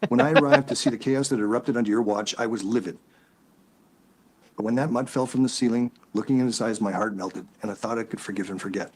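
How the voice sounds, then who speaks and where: Chalmers, a man doing a husky stern superintendent. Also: medium pitch, big pitch swings, fast. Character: stern older male school superintendent. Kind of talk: parody voice acting.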